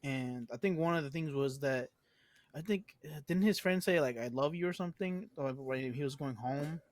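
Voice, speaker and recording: A man's voice: fairly high pitch, normal speed, dry recording. Earnest, rambling young man, dry sound. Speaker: podcast co-host. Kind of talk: casual podcast chat.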